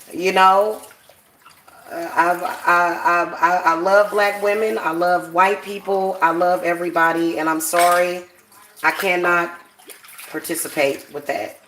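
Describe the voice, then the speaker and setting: A woman's voice: fairly low pitch, steady tone, measured pace, fairly bright tone, reverberant, slight background noise. Blunt, profane woman ranting at home. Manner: blunt, profane, laughing, talks straight to viewers. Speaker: spiritual practitioner vlogger. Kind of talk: casual ranting vlog.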